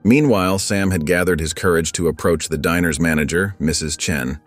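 Deep-voiced male narrator, calm and measured, over soft music. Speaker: storyteller. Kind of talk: scripted narration. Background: faint background music.

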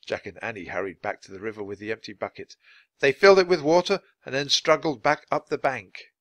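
A man's voice: medium pitch, fairly quick, fairly bright tone, no echo. A man reading a children's chapter book aloud at natural speed for language learners, with dramatic expression. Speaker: narrator.

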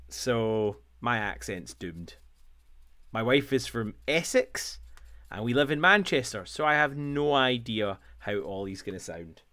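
A man's voice: medium pitch, expressive, slow pace, long pauses, bright, forceful tone. A Scottish man in his thirties chatting casually and jokily on a livestream while he paints miniatures, rambling and laughing often. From Scotland. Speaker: hobby painting streamer.

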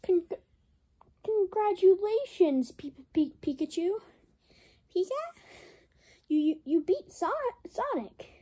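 A very high, mellow woman's voice narrates a playful game story for her channel. She talks slowly and stammers, catching on the first sounds of words before getting them out. Her pitch leaps around. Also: lively intonation. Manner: stammers, repeats syllables. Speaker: channel host. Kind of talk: playful narrated toy play.

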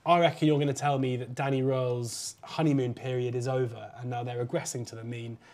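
A man hosts a football betting preview, his voice slightly croaky from being unwell. He talks in a chatty, easygoing way, dropping quick asides and fillers as he goes. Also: medium pitch, flat delivery, darkish tone, a little hiss or hum. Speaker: podcast host.

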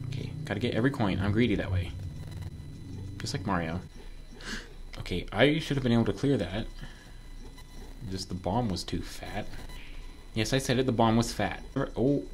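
A man playing a platform game and commenting as he goes, excitable and joking, yelping when something surprises him. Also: lowish voice, normal speed, long pauses, a little hiss or hum. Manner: excitable, talks to himself, yelps when surprised; joking asides to viewers. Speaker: gaming video creator. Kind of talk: casual let's-play commentary.

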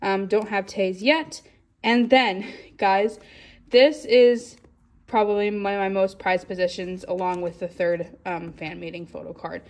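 A woman talking through her photocard collection in a casual vlog, chatty and excited, a little out of breath. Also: medium pitch, unhurried. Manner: chatty, excited, rambling with frequent restarts. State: slightly out of breath.

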